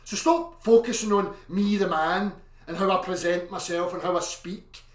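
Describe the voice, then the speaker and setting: A man's voice: sits high, normal speed, distant mic. A man ranting aggressively in a monologue, insisting and swearing as he argues. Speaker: online commentator. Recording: echoey room, voice off-mic.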